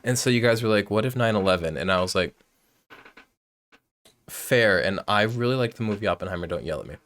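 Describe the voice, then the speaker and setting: Loud, joking man. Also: lowish voice, animated, very fast. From United States. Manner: loud, profane, joking asides. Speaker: let's play host. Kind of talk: casual game commentary.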